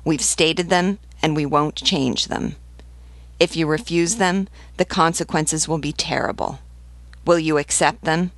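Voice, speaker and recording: A woman's voice: sits low, slow, no echo. A woman reading as a scornful royalist rebel man. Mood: defiant. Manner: scornful, defiant.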